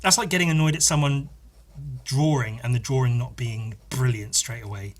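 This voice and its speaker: A man's voice: medium pitch, moderate pace. A man from Scotland hosting a podcast, riffing in a profane, self-mocking, rambling comic monologue. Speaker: podcast host. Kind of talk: casual comedic monologue.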